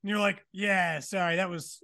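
A man's voice: sits high, steady tone, normal speed, vocal fry, pushed and bright. A man co-hosting a podcast, talking in a casual, self-deprecating way and laughing often. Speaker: podcast co-host. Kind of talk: casual chat.

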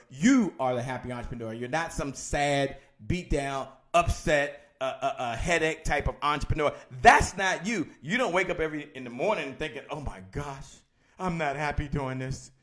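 A man hosting a live motivational sales talk who greets listeners by name. He talks with high energy, repeats key lines, and swings between loud emphasis and low, hushed delivery. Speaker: podcast host and business coach.

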